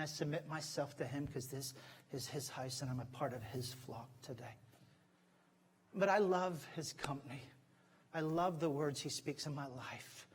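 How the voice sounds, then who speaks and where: Middle-aged man, guest preacher, higher voice, heartfelt, loud then hushed. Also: a little hiss or hum. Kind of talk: sermon. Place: church sanctuary.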